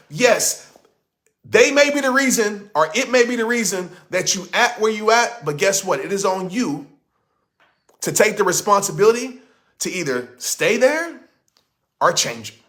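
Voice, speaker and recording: A man's voice: high-pitched, animated, moderate pace, pushed and bright. A man giving a blunt, impassioned motivational talk. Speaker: motivational speaker.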